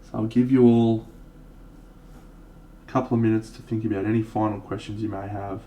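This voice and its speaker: A man's voice: lowish voice, steady tone, fairly quick, warm tone, muffled recording, a little hiss or hum. A young Australian man chatting casually and laughing easily while painting models on a live stream.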